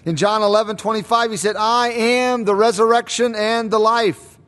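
A man preaching a sermon, slow and deliberate, repeating key words for emphasis. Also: high voice, steady tone, a bit bright. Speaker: pastor.

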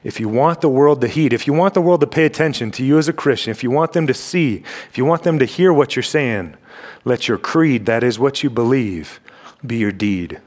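A young man delivers a sermon in a church sanctuary, his voice sitting at an ordinary middle pitch. He presses his points with emphatic rhetorical questions and clears his throat from time to time. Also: brisk, a little mellow. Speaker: campus ministry preacher.

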